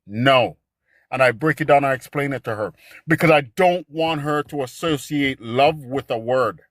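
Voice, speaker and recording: A man's voice: mid-range voice, normal speed, no room sound, studio quality. A man, a father, in casual discussion, speaking emphatically and restarting his sentences. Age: adult with a daughter. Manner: emphatic, restarts sentences, stresses key words.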